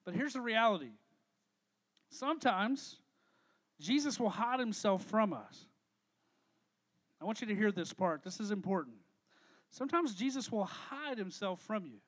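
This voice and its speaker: A pastor with a strikingly high voice delivers a casual sermon in a church hall before a live audience. He's energetic and joking, teasing the crowd and tossing questions at them in a lively, conversational way, though he speaks a little slowly and pauses often.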